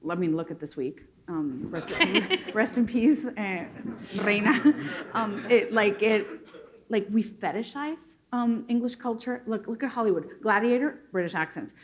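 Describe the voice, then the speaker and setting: A woman from Mexico chats on a panel in an animated, laughing way. She restarts her sentences often and fills the gaps with ums and likes. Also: mid-range voice, unhurried. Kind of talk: casual panel discussion.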